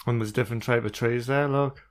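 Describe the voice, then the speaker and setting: A man's voice: mid-range voice, steady tone, fairly quick, slight background noise. A man co-hosting a retro gaming podcast, talking in a rambling, casual way full of crude jokes. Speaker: podcast co-host.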